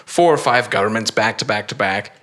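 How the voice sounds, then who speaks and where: A man's voice: lowish voice, brisk, a bit bright. A man co-hosting a podcast in casual, rambling chat, swearing often and using many fillers. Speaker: podcast co-host.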